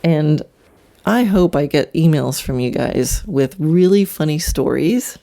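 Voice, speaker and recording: Middle-aged female host for a solo horse-training talk, chatty and upbeat, low mellow voice. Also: creaky. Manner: chatty, animated, slips into quick mock demos. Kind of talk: solo podcast monologue.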